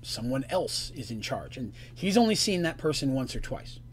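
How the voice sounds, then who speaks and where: A man narrating as game master on a live stream, in a relaxed, rambling style. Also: mid-range voice, moderate pace, a little hiss or hum.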